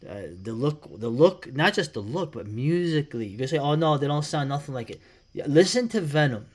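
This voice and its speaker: A middle-aged man from New York, talking casually and at length as host, rambling, swearing freely and trailing off into quiet mumbles. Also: a little high, animated, fairly quick. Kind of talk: casual solo commentary.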